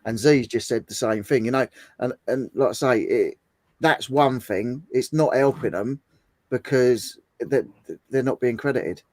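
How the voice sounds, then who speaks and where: A man's voice: mid-range voice, a little slow, dry recording. A man, a guest on a casual live chat, talking in an earnest, emphatic way that repeats itself.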